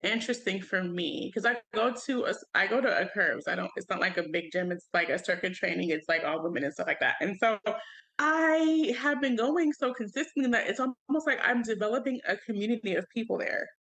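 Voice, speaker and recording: A woman's voice: medium pitch, expressive, brisk, fairly bright tone. A young woman co-hosting a casual podcast chat, earnest and emphatic, with casual slang. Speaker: podcast co-host.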